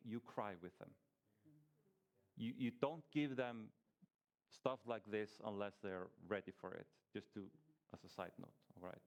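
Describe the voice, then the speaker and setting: With a lowish voice, a man gives an informal teaching talk to a small church group. He keeps it conversational, poses questions to the group along the way, and often restarts his sentences.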